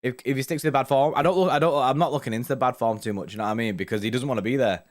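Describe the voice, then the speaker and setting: A man's voice: medium pitch, racing. A young man hosting a casual football fan live stream, bantering loosely with viewers and reading out their comments. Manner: chatty, laid-back banter with frequent "mate" and "innit". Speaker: football fan channel host.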